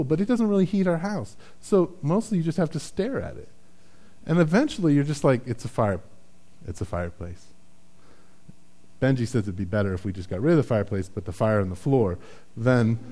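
A man's voice: fairly high pitch, a little mellow. A man preaching a sermon in a conversational, self-deprecating way, often checking in with "right?". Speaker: pastor.

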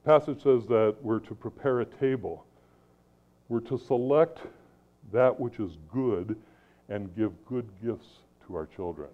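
A middle-aged man preaches an animated sermon, swinging between loud emphasis and soft asides. His pitch is medium and his pace a little slow, and the recording sounds tinny, like a phone.

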